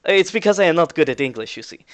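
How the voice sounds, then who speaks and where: A man's voice: on the high side, animated, fast, a bit bright, pitched above the performer's own voice. A man voicing an earnest, stubborn male teacher with a put-on Russian accent and broken English in a tabletop game. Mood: insistent.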